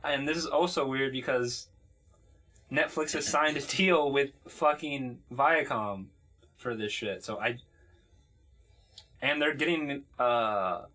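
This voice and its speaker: Bright-voiced casual podcast host, a man. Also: medium pitch, takes it slowly, long pauses. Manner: loose, swearing, rambling with many fillers.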